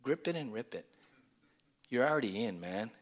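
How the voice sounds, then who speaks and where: A male pastor preaching a lively sermon, swinging from loud exclamations to hushed near-whispers and calling for congregation responses. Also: mid-range voice, normal speed. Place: church.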